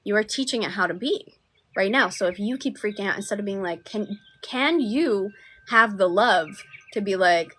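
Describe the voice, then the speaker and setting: A woman coaching viewers on manifestation in a soft, affectionate live-stream talk, often sinking to near-whispers. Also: mid-range voice, moderate pace. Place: outdoors.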